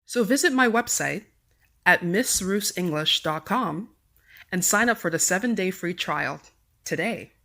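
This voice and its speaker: Slow, careful woman teaching pronunciation. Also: lowish voice, animated, creaky, a bit bright. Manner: deliberate, carefully enunciated teaching delivery. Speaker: English teacher and podcast host. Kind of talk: slow, clearly articulated pronunciation lesson.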